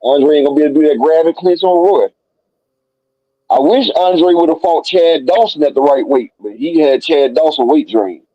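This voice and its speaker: A man hosting a casual boxing talk stream, profane and excitable as he rattles off dream fights. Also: a little high, normal speed, no room sound, highs cut off. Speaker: boxing talk show host. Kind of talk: casual live stream banter.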